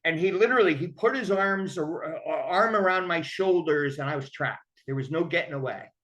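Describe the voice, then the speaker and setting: With a fairly high pitch, a fairly bright tone and a fairly quick pace, a man tells his personal recovery story in a frank, conversational style, imitating the voices of others as he quotes them.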